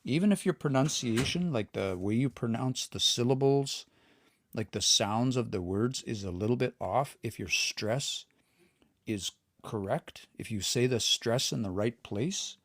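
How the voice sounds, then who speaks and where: A man giving a relaxed livestream language lesson, explaining patiently and thinking aloud as he reads out viewer comments. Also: medium pitch, unhurried, no echo. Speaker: language teacher.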